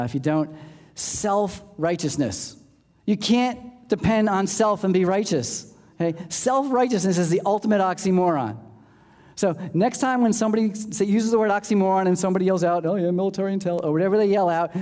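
A man preaches a sermon with a warm, mellow, fairly high voice. He keeps it conversational, often checking in with "okay?" and "right?" and laughing between points. The sound carries a long reverb, as if it were in a church hall. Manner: laughs between points, lively swings in pitch. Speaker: pastor.

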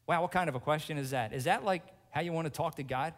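Emphatic preacher in a reverberant hall. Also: male voice, a little high, quick pace, few pauses. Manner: emphatic, swinging between loud and hushed, checking in with the congregation. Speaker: pastor. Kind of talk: sermon.

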